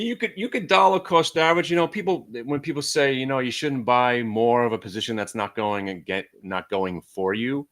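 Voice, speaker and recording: A middle-aged man with a mid-range voice hosts a day trading stream, giving brash, joking live commentary that gets louder and quieter as his excitement rises.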